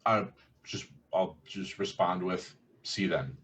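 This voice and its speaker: A man's voice: deep voice, measured pace, fairly bright tone. A man playing his character in a tabletop game in a laid-back, hesitant way. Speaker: player.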